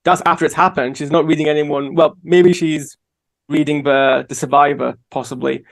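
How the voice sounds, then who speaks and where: Gravelly-voiced Englishman, hesitant. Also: fairly high pitch, level tone, normal speed. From England. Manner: hesitant, thoughtful. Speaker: panelist. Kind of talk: casual panel discussion.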